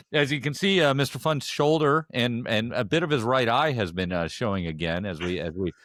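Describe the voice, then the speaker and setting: A man's voice: medium pitch, normal speed, fairly bright tone, dry recording, studio quality. A man hosting a casual podcast chat, rambling with many fillers and restarts. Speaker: podcast host.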